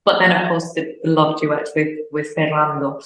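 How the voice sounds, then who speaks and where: A woman's voice: sits low, moderate pace. A young woman, an opera singer, chatting casually in an interview and acting out bits of dialogue. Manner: chatty, animated, acts out little quoted bits of dialogue. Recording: echoey room.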